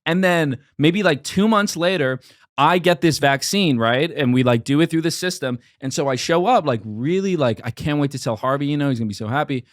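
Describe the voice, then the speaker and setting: A man's voice: on the high side, brisk, no echo, clean studio sound. A young man in his twenties in casual chat, telling a long story with lots of fillers and restarts. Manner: rambling, filler-heavy storytelling.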